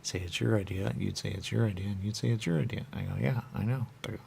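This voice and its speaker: Low gravelly man in a rambling monologue. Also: racing, few pauses, a little mellow, slight background noise. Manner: repetitive, rambling, repeats catchphrases. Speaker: radio show host.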